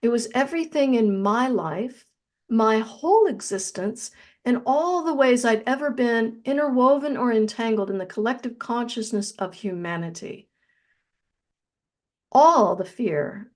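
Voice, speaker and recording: As an interview guest, a woman with a mid-range, slightly mellow voice tells a personal spiritual story. She is earnest and reflective, slowing down on the phrases that matter most.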